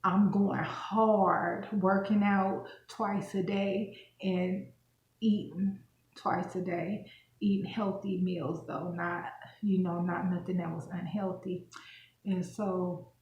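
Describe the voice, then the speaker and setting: A woman's voice: on the low side, level tone, slow, darkish tone, highs cut off, slight background noise. Rambling young woman vlogger, roomy echo. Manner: rambling, with many fillers. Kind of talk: personal storytelling.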